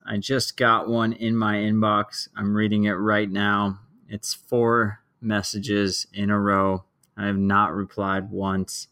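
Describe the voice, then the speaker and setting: A male podcast host with a low, fairly flat voice. He closes segments in a polite, measured way, and the recording sounds dry and close, with no room echo. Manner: polite, measured wrap-ups. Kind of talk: podcast hosting.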